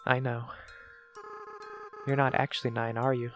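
A man reading the lines of a remorseful young goat-monster boy prince from a game, slowly and apologetically. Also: medium pitch, little pitch movement, over music, close to an everyday voice. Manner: slow, tearful, apologetic reading. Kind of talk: reading game dialogue aloud.

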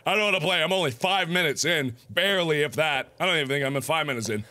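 A man hosting a gaming video, ranting and swearing in animated let's-play commentary. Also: fairly high pitch, fast talker. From United States. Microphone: desk mic while recording with webcam.

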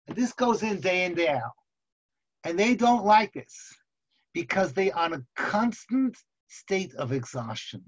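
A man, a rabbi, giving a Torah lecture in which he tells the story lively and acts out the characters. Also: high-pitched, measured pace. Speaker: rabbi teaching seminary students. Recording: slightly muffled recording.

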